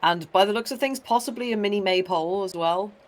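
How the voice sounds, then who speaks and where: A man co-hosting a casual stream chat, telling a story lively and acting out the people he quotes, heard over a remote voice call. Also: high-pitched, fast. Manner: animated storyteller who acts out quoted people. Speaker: co-host and trumpet player.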